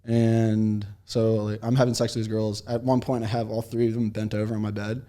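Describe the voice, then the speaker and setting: A man's voice: fairly low pitch, level tone, a little fast, warm tone. Laid-back young man telling stories. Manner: laid-back storytelling with frequent laughs. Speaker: guest. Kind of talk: casual chat.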